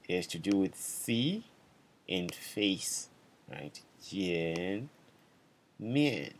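A man giving a casual language lesson, patiently repeating phrases slowly and checking in with "right?" and "okay?". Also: deep voice. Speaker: language teacher.

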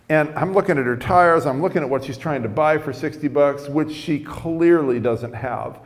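A man's voice: fairly high pitch, normal speed, few pauses, long reverb tail. A man preaching a sermon, telling a story conversationally with frequent restarts.

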